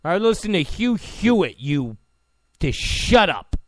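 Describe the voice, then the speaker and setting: A man's voice: high voice, big pitch swings, slow, no room sound. A man hosting a talk radio show, ranting in a sarcastic, mocking, abrasive tone.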